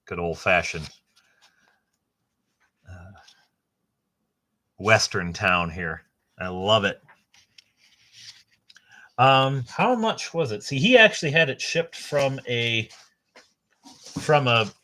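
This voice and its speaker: A middle-aged man hosting a casual book unboxing, rambling and enthusiastic, with a halting way of talking. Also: lowish voice, expressive, bright, forceful tone. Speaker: host.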